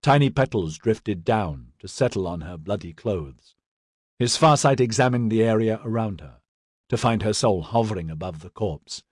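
Low husky guy reading a fantasy audiobook, dry sound. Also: lively intonation, normal speed, a little mellow, dry recording. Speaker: audiobook narrator. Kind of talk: scripted narration.

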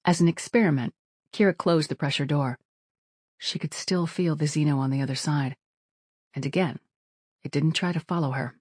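Steady audiobook narrator, dry close sound. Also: mid-range voice, moderate pace, pauses often, husky, no echo. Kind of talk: scripted narration.

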